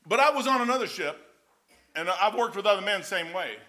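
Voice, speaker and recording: In a lively, slightly fast delivery, this older preacher's voice sits high and sounds pushed and bright. He rambles casually through a storytelling sermon, trading folksy anecdotes and saying "man" a lot.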